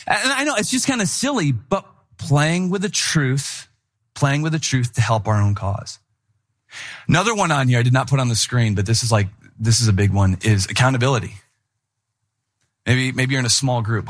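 A middle-aged man preaching a sermon in an animated, conversational way, with playful impressions of people. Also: mid-range voice. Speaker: pastor.

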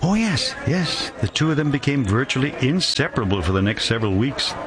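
A man's voice: medium pitch, very animated, a little fast, crowd noise, natural voice. An actor playing a thoughtful older man who runs an orphanage and looks back on events, with music behind. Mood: reflective. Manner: reflective storyteller, fond chuckles.

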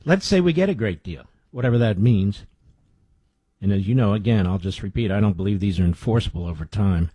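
Husky-voiced talk radio host. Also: male voice, lively intonation, brisk, dark tone, dry recording. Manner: emphatic, rhetorical questions, drops low for asides. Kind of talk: political talk radio monologue.

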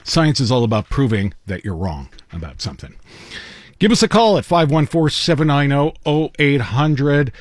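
Lively male radio trivia host. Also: mid-range voice, moderate pace, no echo, studio quality. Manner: lively, self-deprecating banter with callers. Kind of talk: live radio talk.

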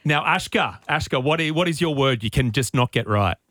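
Lively radio host man. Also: mid-range voice, a little fast, no room sound. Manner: animated, self-mocking. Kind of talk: casual radio banter. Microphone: studio mic.

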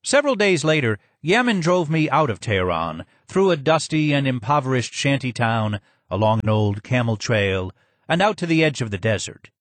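Male audiobook narrator, steady mid voice, dry close studio sound. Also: medium pitch, no echo. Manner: measured, even reading. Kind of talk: scripted narration.

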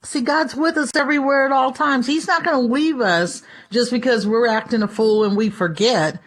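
A woman's voice: fairly high pitch, normal speed. A woman giving a conversational Bible teaching, chatty and acting out everyday quotes. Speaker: preacher.

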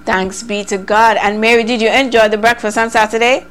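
A woman hosting a morning call-in radio show, cheerful and brisk and teasing her callers. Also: on the high side, fairly even intonation, a bit bright, clear, resonant tone. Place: radio studio.

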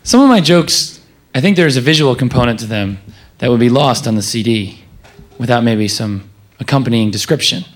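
A man's voice: medium pitch, expressive, a little fast. A male stand-up comedian with a dry, hesitant, self-deprecating delivery.

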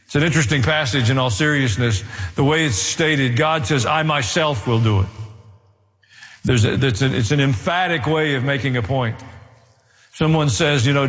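A man's voice: normal speed, fairly bright tone. A man preaching a sermon, earnest with dry asides. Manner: earnest preaching with dry asides, rising in pitch as he presses the point. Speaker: pastor. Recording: long hall reverb.

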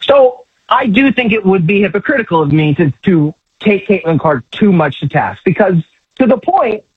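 A man's voice: high voice, very animated, moderate pace, breathy edge, no room sound. A man calling in as a guest commentator, talking emphatically and sarcastically in a fired-up opinion rant. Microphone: phone line. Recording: tinny phone line, dry.

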